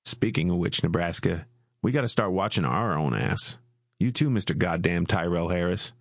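A brash young soldier with a wry, swaggering way of talking, as a male audiobook narrator puts him on. The voice stays low and close, with a dry sound. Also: lively intonation, moderate pace, vocal fry, no room sound, exaggerated voice. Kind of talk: audiobook character voice.

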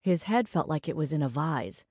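A woman narrating an audiobook in a measured, even storytelling manner. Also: deep voice, slightly rough, no echo, clean studio sound. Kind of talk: scripted narration.

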